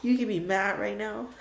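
Speaking with vocal fry at a medium pitch, this tarot reader delivers an emotional, dramatic reading and repeats phrases for emphasis. The room is echoey, with a little background noise.

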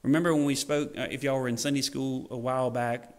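A man preaching a sermon in a church, animated and folksy, acting out scenes and joking with the congregation. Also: mid-range voice, fairly quick. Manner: animated, acts out scenes in varied voices. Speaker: pastor. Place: church sanctuary.

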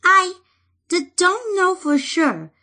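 A woman doing a squeaky, stammering little fairy sprite. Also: very animated, slow pace, bright, forceful tone, heavily acted. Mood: stammering, wistful. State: crying. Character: tiny timid male fairy sprite, tearful. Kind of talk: audiobook reading.

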